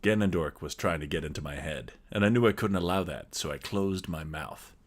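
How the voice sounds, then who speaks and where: A man's voice: low-pitched, brisk. A man narrating his character's actions in first person as a player in a tabletop story game. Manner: steady, descriptive narration.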